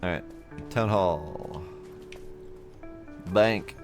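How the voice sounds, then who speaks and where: A man's voice: deep voice, very slow. A man casually commenting on his gameplay, playful and self-mocking, muttering asides over faint game music. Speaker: gameplay streamer.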